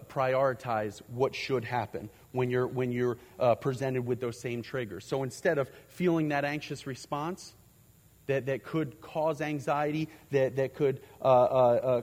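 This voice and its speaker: A man's voice: medium pitch, darkish tone. A man preaching a sermon, earnest, with frequent fillers and restarts as he teaches his congregation. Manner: earnest, repeats words, many fillers and restarts. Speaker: pastor. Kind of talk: sermon on faith and anxiety. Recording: long hall reverb.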